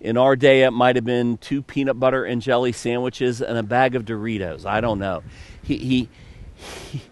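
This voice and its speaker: A man's voice: mid-range voice, steady tone, normal speed. A male pastor preaching a sermon, reading scripture and then retelling it with playful storytelling asides.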